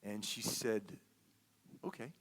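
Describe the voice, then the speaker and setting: Slow and husky, with a fairly bright tone on the low side, a guest speaker delivers a sermon in a church sanctuary. He tells a personal story in a conversational manner, repeating words and often saying "okay?"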